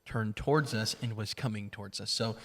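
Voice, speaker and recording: A man's voice: lowish voice, fairly even intonation, a little fast. A middle-aged man co-hosting a podcast, telling a story in casual chat with dry, teasing humor. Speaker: podcast co-host. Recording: long reverb.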